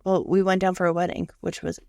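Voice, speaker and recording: Gravelly-voiced woman, swearing storyteller. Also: lowish voice, quick pace, no echo, studio quality. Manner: animated, profane storytelling. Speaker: podcast co-host. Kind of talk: casual chat.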